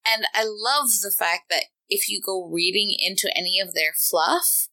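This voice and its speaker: A woman's voice: medium pitch, moderate pace, bright, forceful tone, low-quality recording. A woman co-hosting a podcast, chatting casually and enthusiastically about tabletop gaming. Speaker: podcast co-host.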